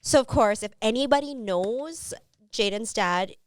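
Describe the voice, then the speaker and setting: A woman, a mother, co-hosting a casual podcast chat, telling stories with animated retellings and frequent swearing. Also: fairly high pitch, a little slow. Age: adult with a son. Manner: animated storyteller, swears freely. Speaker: podcast co-host.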